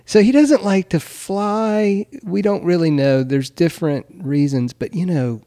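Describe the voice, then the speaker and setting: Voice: mid-range voice, lively intonation, slow, mellow, no echo, clean studio sound. A podcast co-host chatting casually and making wry, teasing remarks about a friend's family. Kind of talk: casual chat.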